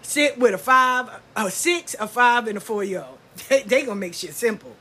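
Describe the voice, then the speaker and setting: A woman's voice: a little high, lively intonation, normal speed, a bit bright, slightly rough. An older woman, a grandmother, telling stories about her grandchildren in a blunt, profane, casual way and laughing often. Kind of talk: casual storytelling.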